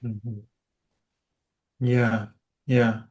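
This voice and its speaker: A man with an Australian accent interviewing a teacher in a casual conversation, speaking softly with hesitant fillers. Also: medium pitch, flat delivery, very slow. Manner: soft-spoken, hesitant with fillers, laughs lightly.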